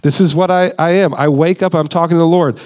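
A man's voice: fairly high pitch, steady tone, fast, a little mellow. A man in his thirties, a guest speaker giving a conversational, emphatic sermon with his own voice.

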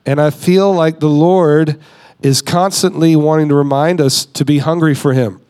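High-voiced man preaching conversationally. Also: steady tone, moderate pace, a little mellow, clean tone. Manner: conversational, emphatic, acts out quoted voices. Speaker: guest speaker. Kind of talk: sermon.

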